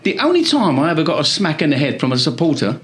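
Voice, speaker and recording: A middle-aged man with a London accent, co-hosting a casual football chat and telling animated stories full of swearing. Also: fairly high pitch, fast. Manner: animated storyteller, swears freely. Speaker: podcast co-host.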